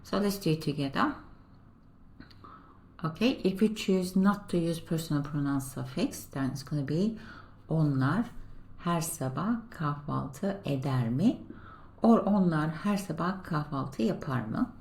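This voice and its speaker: A woman's voice: low-pitched, animated, darkish tone. Patient woman teaching a language lesson. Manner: patient, explaining and repeating slowly. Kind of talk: step-by-step grammar lesson.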